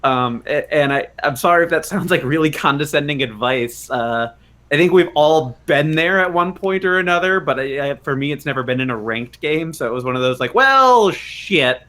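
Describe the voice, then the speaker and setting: A man's voice: a little high, brisk, a bit bright. A man co-hosting a gaming podcast, giving earnest advice with hesitant fillers. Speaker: podcast co-host. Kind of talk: casual podcast chat.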